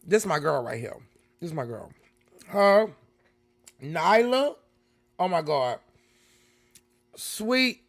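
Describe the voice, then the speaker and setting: Excitable gravelly woman streaming live. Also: fairly low pitch, slow pace, pauses often. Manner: excitable, loud exclamations, chatty. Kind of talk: casual live reaction chat.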